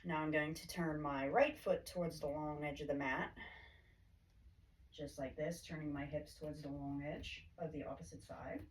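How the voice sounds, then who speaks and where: A woman yoga instructor calmly cueing poses and breaths in a guided class, her throat a little choked up. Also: deep voice, normal speed. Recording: distant mic with faint background hiss.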